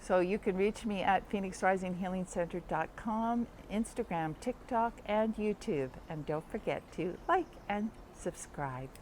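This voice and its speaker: A woman's voice: mid-range voice, measured pace, few pauses, darkish tone, a little hiss or hum. A woman hosting a casual talk, speaking unhurriedly with many fillers and restarts and acting out quoted dialogue. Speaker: host.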